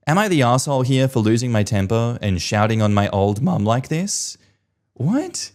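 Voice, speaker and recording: A man's voice: mid-range voice, darkish tone. A man reading online posts aloud and reacting to them with blunt, sarcastic commentary.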